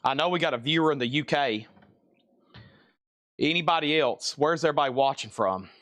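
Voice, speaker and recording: A man's voice: fairly high pitch, fairly quick, fairly bright tone, no echo. Rambling man hosting a live sale. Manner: rambling, talks to himself as he works. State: out of breath. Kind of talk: casual live-stream chat.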